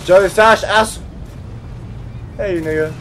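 Brief: high-pitched, animated young gamer, profane rants, faint noise. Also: male voice, unhurried. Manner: swings from mumbling to angry yelling; profane, mock-dramatic rants. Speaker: gameplay commentator. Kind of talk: live gameplay commentary.

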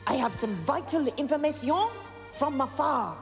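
A woman voicing a theatrical, secretive French informant with a put-on French accent, hushed and dramatic. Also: high-pitched, moderate pace, vocal fry, in a large hall, over music.

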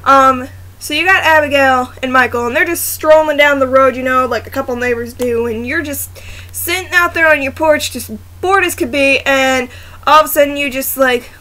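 A woman's voice: high-pitched, pushed and bright. A woman chatting casually to her laptop camera, rambling, giggling and often restarting her sentences to apologize. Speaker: vlogger. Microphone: laptop camera microphone.

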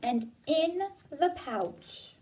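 A woman librarian reads a children's picture book aloud in a gentle, sing-song way. Her high voice bobs expressively and sounds a little distant from the mic. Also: expressive, drawn-out words. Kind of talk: children's story time reading.

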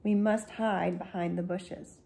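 A woman's voice: lowish voice, fairly even intonation, measured pace, gravelly, dark tone. A woman voicing a sensible, careful older sister from a storybook who speaks practically. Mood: tired.

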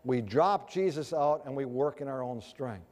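A middle-aged man preaching a sermon, telling stories with animated, emphatic exclamations. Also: mid-range voice, normal speed. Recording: long hall reverb.

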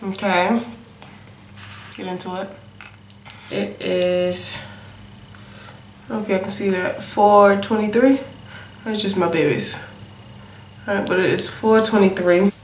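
A woman's voice: medium pitch, steady tone, measured pace, pauses often, echoey room, a little hiss or hum. A young woman in a casual, sassy makeup review, sniffly from a cold and calling her viewers honey and y'all. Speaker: beauty vlogger.

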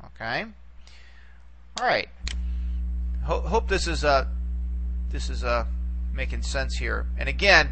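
A man's voice: on the high side, pushed and bright, slight background noise. A man teaching a recorded lesson, explaining patiently step by step and checking in often. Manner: patient, explains step by step with frequent "okay" and "all right".

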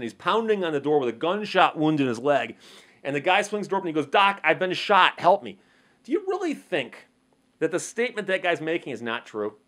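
Man, slightly high voice, easygoing legal explainer who acts out courtroom back-and-forth. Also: a bit bright. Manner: conversational, poses rhetorical questions, acts out courtroom exchanges. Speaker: legal commentator. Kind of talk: explanatory monologue to camera.

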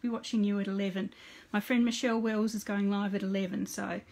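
A woman's voice: medium pitch, little pitch movement, fast talker, a little mellow. A middle-aged woman hosting a casual live card-making demonstration. She chats with viewers by name and narrates each step aloud.

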